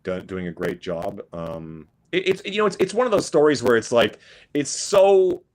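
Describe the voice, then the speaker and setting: A man's voice: mid-range voice, very animated, normal speed, darkish tone. A man talking as a guest in a casual chat, rambling and repeating his words. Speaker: guest musician.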